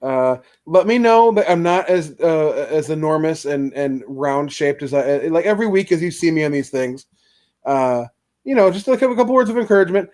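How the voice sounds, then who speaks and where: A man's voice: fairly high pitch, animated, moderate pace, darkish tone. A man co-hosting a casual podcast chat, rambling with lots of filler words. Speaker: podcast co-host.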